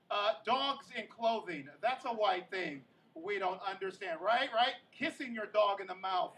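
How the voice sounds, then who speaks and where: Man, stand-up comedian, young, from kansas, animated, high voice, distant mic, faint ambience. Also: slight background noise. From Kansas, USA. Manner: animated, crowd-teasing, repeating punchlines. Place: comedy stage.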